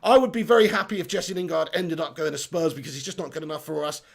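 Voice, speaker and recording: A young man hosts a casual livestream, his voice high and gravelly. He talks bluntly, swears a lot and jokes around as he reads out viewers' comments. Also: quick pace. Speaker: fan channel livestream host.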